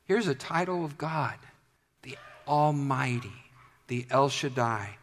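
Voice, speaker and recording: A man's voice: mid-range voice, animated, takes it slowly, fairly bright tone. A man preaching a sermon in a conversational way that builds to emphatic declarations. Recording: long hall reverb.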